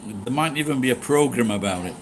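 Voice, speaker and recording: Rambling middle-aged Yorkshireman, noisy room. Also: mid-range voice. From Yorkshire, England. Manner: rambling, halting, swears casually; talks slowly and deliberately. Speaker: livestream host. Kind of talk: casual livestream chat. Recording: steady background noise.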